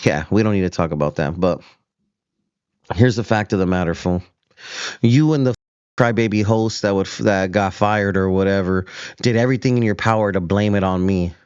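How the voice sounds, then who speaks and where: A man's voice: deep voice, moderate pace, a little mellow, clear, resonant tone, no room sound, lo-fi sound. A host on a confrontational callout rant, taunting his target and calling him fool again and again. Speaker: show host.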